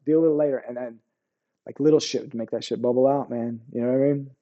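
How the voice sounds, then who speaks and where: A man's voice: mid-range voice, fairly even intonation, fast, highs cut off. A man in his forties, an Army veteran guest, telling his war stories in a rambling, profane way. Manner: profane, rambling, keeps asking "you know what I mean". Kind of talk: candid interview storytelling.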